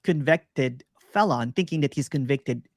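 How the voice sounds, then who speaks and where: A man speaking as a podcast guest, explaining ideas in a slow, thoughtful way and laughing easily. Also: medium pitch, dry recording, clean studio sound. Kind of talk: interview talk.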